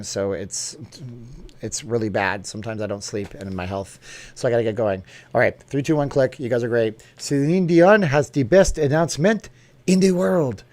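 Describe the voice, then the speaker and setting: A middle-aged American man hosting a casual live stream from a studio, chatty and upbeat as he answers viewers. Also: lowish voice.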